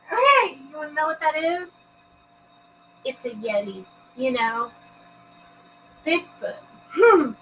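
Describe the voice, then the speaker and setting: A woman's voice: high voice, big pitch swings, slow, long pauses, bright, forceful tone, far from the mic, a little hiss or hum, low-quality recording. A woman hosting a paranormal live stream, giggly and bubbly, who swears a lot and talks to her chat from home. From Texas. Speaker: paranormal show host.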